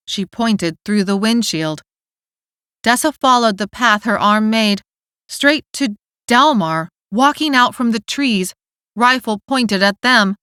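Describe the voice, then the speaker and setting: A woman narrating an audiobook in a steady, clear storytelling manner, recorded on a studio mic. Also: a little high, takes it slowly, no echo. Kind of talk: scripted narration.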